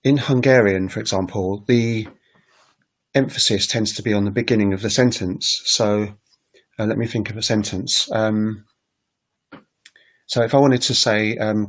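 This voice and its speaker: A man talks through a language-learning livestream in a relaxed, unscripted way. His voice sits a little low. He thinks aloud, fills pauses with ums, and pokes fun at his own mistakes. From United Kingdom. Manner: self-deprecating asides. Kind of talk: casual solo livestream talk.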